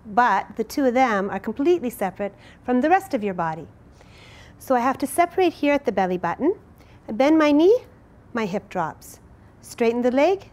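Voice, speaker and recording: A woman's voice: on the high side, a little mellow. A middle-aged woman teaching a belly dance step, explaining it patiently and counting out each move. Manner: clear, patient, counting out moves.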